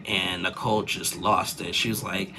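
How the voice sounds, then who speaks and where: A man's voice: low voice, little pitch movement, normal speed, vocal fry, noisy background. A young man chatting casually as he recaps a reality show, rambling with lots of fillers and restarts.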